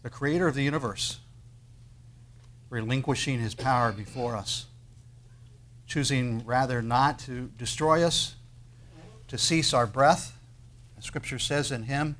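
A man preaching a sermon in an earnest way, with dramatic pauses and swells of emphasis on key words. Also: medium pitch, a bit bright. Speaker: pastor.

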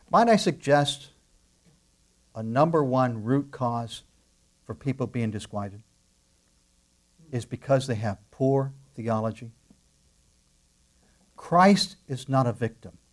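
A man preaching a sermon emphatically, asking rhetorical questions and dropping into soft asides. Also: medium pitch, expressive, slow pace, pauses often. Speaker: pastor.

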